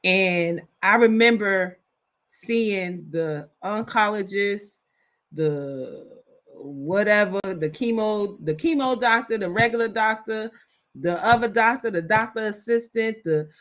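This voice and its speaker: A woman's voice: mid-range voice, slow, fairly bright tone. A woman giving an impassioned wellness talk in a preachy, urgent way, driving her points home through repetition. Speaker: wellness speaker.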